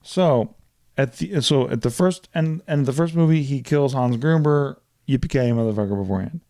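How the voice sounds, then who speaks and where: A man telling movie stories in a casual podcast chat, profane and animated as he recaps plots. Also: on the high side, moderate pace, no room sound, studio quality. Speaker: podcast co-host.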